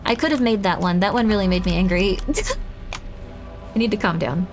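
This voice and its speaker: A woman's voice: medium pitch, quick pace, faint music behind. Rambling young woman streamer. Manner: rambling, self-deprecating, bursts into panicked shrieks. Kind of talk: casual gameplay commentary.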